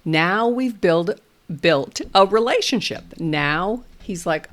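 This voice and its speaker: A middle-aged woman hosts as a speech therapist, telling parents a story to teach them. She is playful and expressive, and drops to a hush to stress points. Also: fairly low pitch, takes it slowly. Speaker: speech-language therapist and host.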